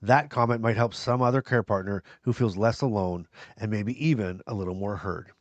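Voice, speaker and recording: A man's voice: lowish voice, moderate pace, no echo, dull audio. A man hosting a podcast, talking to his viewers in an earnest, encouraging way with some self-deprecating humor. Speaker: podcast host. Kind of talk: casual podcast talk to viewers.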